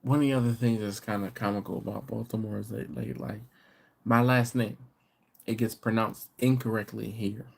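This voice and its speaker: A man's voice: fairly low pitch, steady tone, moderate pace, gravelly, a little mellow. A tired middle-aged man hosting a casual late-night live stream, chuckling and bantering in a laid-back, slangy way as he reads viewer comments. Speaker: barbecue channel host.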